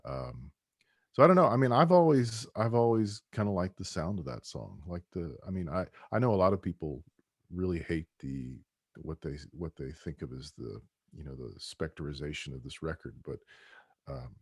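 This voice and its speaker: A man's voice: extremely low pitch, expressive, normal speed, breathy edge, no room sound, studio quality. A man who co-wrote a book, talking about it casually on a podcast with many restarts. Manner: rambling, with many restarts and "you know". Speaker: book co-author and guest.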